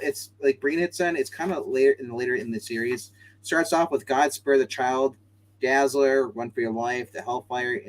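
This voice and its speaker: Jokey rambling guy showing off his comics, pitch bouncing all over. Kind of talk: casual chat.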